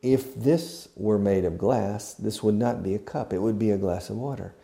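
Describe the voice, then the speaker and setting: A man's voice: fairly low pitch, moderate pace, creaky, mellow. A man teaching English verbs, acting each one out, spelling words and repeating phrases, with asides in Spanish. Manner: switches into Spanish to explain. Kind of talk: slow demonstrative language lesson.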